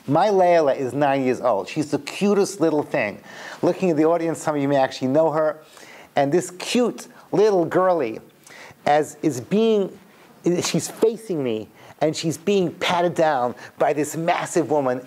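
A man with a British accent, a rabbi giving a humorous lecture to a live audience. He tells stories with lively jokes and then turns them into teaching. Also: fairly high pitch. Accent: British English. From Britain. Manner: animated storyteller, mixes jokes with teaching.

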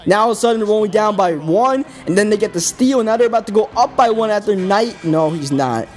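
A man's voice: high voice, animated, fast talker, soft background music. A man hosting a gaming video, giving casual, rambling play-by-play commentary with an exasperated, self-critical tone.

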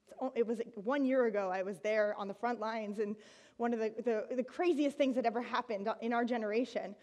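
Brief: high-pitched American woman, animated storyteller on stage, quick to laugh. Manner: animated, laughing, with bursts of excited shouting. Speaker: speaker giving a talk. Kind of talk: storytelling talk to an audience.

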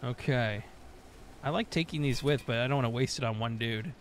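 A man's voice: mid-range voice, fairly quick, a little hiss or hum. A man streaming gameplay, talking loosely and profanely with jokes. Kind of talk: casual live gameplay commentary.

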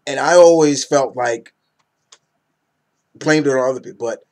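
A young man in a casual, rambling comic book review who gets excited and acts out characters' lines. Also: medium pitch, normal speed, long pauses.

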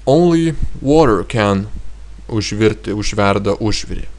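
A man's voice: fairly low pitch, lively intonation, darkish tone. Guy teaching words, lots of uhs, repeats each word twice. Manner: explains slowly, repeats words twice, many hesitations. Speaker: language teacher. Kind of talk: spoken vocabulary lesson.

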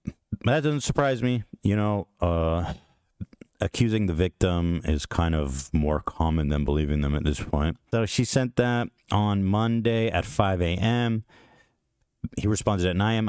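A man with a very low voice reads out a string of text messages and comments on them. His delivery is brisk and flat, and the sound is close and dry, with no room around it. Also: dry recording.

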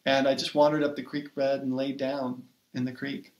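A man's voice: medium pitch, little pitch movement, moderate pace, a little mellow, dull audio. Guy on a podcast telling a personal story, earnest, lots of ums, pretty echoey room. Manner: reflective and earnest, with frequent "um" and "like". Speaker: podcast guest, poet and writing coach. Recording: roomy echo.

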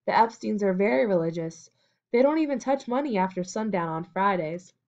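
A woman's voice: medium pitch, animated, fairly quick, a little mellow, highs cut off, natural voice. A woman reading a shy, mumbling teenage boy. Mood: defensive. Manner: mumbling, hesitant. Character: quiet, timid teenage boy.

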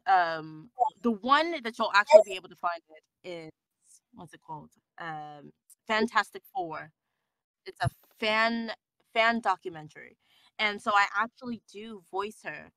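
A woman who voices characters, chatting as a podcast guest in an animated way, with frequent laughs and stop-start sentences. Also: mid-range voice, unhurried, smooth, no room sound. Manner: animated, laughing, trailing restarts. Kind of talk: casual interview chat.

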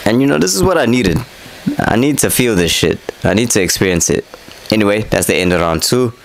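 A man's voice: on the low side, animated, a little fast, gravelly, slight background noise, poor audio. A young man casually narrating over footage of his own boxing fight, candid and self-critical, swearing freely. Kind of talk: casual fight breakdown commentary.

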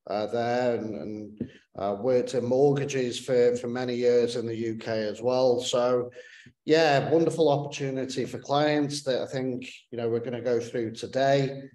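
Brief: northern English male presenter, mid pitch, wry humor, roomy echo. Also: steady tone, measured pace, a little mellow. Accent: northern English, Staffordshire. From Stoke-on-Trent, northern England. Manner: jokey, self-deprecating. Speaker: head of Africa development team. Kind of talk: online webinar presentation. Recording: echoey room.

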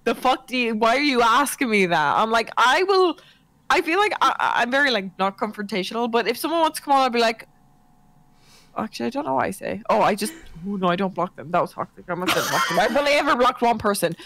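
A young woman streams and chats with friends in a high voice. She swears freely and laughs a lot. The sound is dry and close to the mic. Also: animated, quick pace, fairly bright tone, dry recording. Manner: chatty, swearing, laughing often. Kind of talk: casual stream chat.

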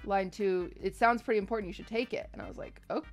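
A woman's voice: mid-range voice, fast, vocal fry, soft background music. A young woman host telling a personal story in a casual chat, acting out the voices of the people in it. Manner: animated, acts out voices in quotes. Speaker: streamer host.

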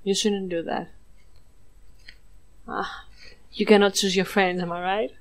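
A woman from Greece commentating a video game playthrough in a playful, jokey way, swearing, dropping to mock whispers and rising to excited squeals. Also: mid-range voice, measured pace. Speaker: gameplay streamer. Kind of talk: let's play commentary.

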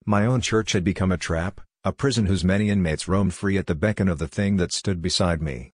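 Man, deep voice, scripted horror narration, measured and solemn, dry studio recording. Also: a little mellow, dry recording. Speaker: storyteller.

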